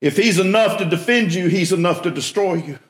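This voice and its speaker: Pastor, male, high voice, deliberate emphatic sermon delivery, echoey room. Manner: emphatic, rises in pitch when stressing a point.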